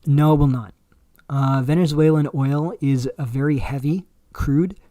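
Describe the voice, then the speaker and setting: A man hosting a livestream, talking in a rambling, halting way with many fillers and restarts. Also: on the high side, steady tone, warm tone, dry recording, clean studio sound. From Canada. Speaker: livestream host. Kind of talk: casual livestream commentary.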